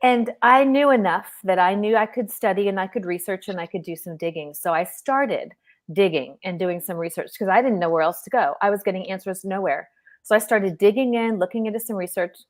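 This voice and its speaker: Medium in pitch and fairly quick, a middle-aged woman appears as a guest panelist on a live stream via video call. She recounts a personal story in an earnest, vivid way.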